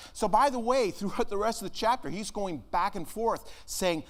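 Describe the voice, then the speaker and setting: A man, an American minister, preaching a conversational sermon in a church, earnest and dropping to a hush at times. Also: sits high, animated, normal speed. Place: church sanctuary.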